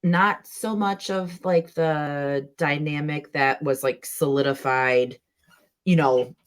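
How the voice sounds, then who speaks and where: A woman with a low-pitched voice hosts a casual podcast chat. She talks eagerly, filling her sentences with "like" and bursting into quick laughs. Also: fairly even intonation. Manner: enthusiastic, chatty, with frequent "like" and laughs. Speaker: podcast host.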